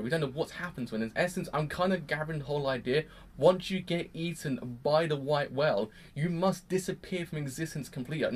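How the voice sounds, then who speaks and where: Male anime reviewer, slightly high voice, excitable and rambling, casual delivery. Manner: excitable, exclamatory, rambling with many restarts.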